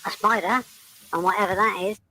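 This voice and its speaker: A man putting on a high, chirpy sidekick voice in an amateur comedy cartoon short. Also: fairly even intonation, a little fast, pushed and bright, low-quality recording.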